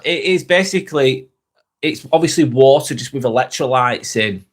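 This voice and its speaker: Here the English vlogger sounds animated, with a mid-range voice at normal speed, as he streams live from a spare bedroom. He goes through comments and chats casually with his audience, wandering off topic, repeating himself and peppering it with ums, all on a wireless clip-on mic.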